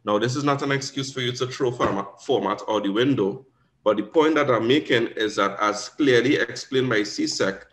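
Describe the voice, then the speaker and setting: A Spanish teacher with a Caribbean accent runs an exam revision lesson, his medium-pitched voice moving at a moderate pace. He explains things patiently and keeps checking in with "right?".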